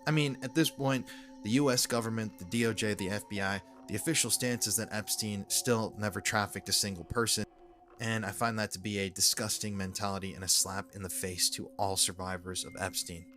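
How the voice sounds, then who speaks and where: A man's voice: fairly low pitch, fairly even intonation, a little fast, pushed and bright, faint music behind. A man giving online commentary, reading out emails and reacting to them earnestly.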